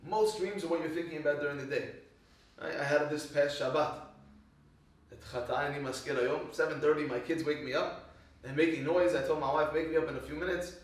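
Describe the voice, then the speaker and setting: A fairly high-voiced man teaches a Torah class to a small live group, spinning animated stories and firing questions at the listeners. He sounds far from the mic in a very echoey room. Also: brisk. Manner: animated storytelling, quizzes the audience.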